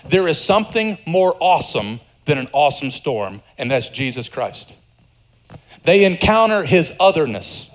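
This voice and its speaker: Guy preaching a sermon, kinda high voice, animated, acts out the lines, chats with the crowd. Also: moderate pace. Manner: animated preacher acting out voices, conversational asides. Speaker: pastor.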